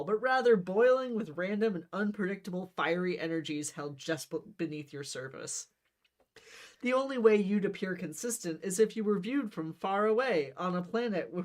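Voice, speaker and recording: A woman reading a comic gamebook aloud in a casual, playful way, with asides and small slips. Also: mid-range voice. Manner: playful, laughs at own jokes, slips and restarts. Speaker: book reader.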